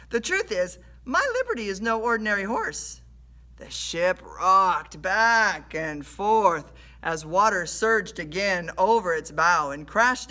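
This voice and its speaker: A woman reading a children's adventure story aloud in an animated storytelling way. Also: mid-range voice. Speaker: storybook reader.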